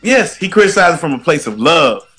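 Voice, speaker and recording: A man from Ohio co-hosting a casual sports chat, animated and fond of mimicking athletes, often asking "you know what I'm saying". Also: a little high, normal speed, soft background music. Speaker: podcast co-host.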